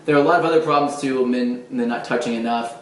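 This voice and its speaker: A man's voice: medium pitch, quick pace, reverberant, slight background noise, poor audio. A man giving a casual, demonstrative dating lesson, talking conversationally with fillers and restarts. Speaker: dating coach. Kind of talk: casual instructional talk to camera.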